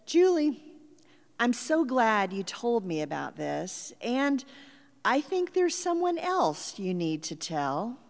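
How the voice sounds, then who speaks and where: Woman preacher voicing a wise, encouraging mother; unhurried, echoing hall. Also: fairly high pitch, big pitch swings, vocal fry, pitched above the performer's own voice, full character voice. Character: wise, warm mother speaking to her child. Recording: long hall reverb.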